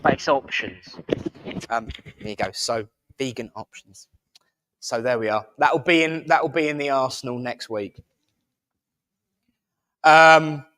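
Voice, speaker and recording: A man's voice: on the high side, a bit bright. A man hosting a church service in a village hall, making jokey announcements and leading a closing prayer. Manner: chatty, self-mocking, playful. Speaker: service leader and host.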